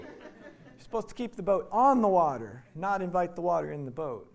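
A man's voice: a little high, a little mellow. A man from Iowa preaching a sermon in a conversational way, acting out the quoted lines. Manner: conversational, acts out quotes in voices. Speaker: pastor.

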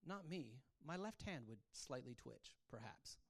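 Animated male preacher telling his testimony. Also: medium pitch, unhurried, gravelly. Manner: animated storytelling, swinging from hushed to loud. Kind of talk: sermon testimony.

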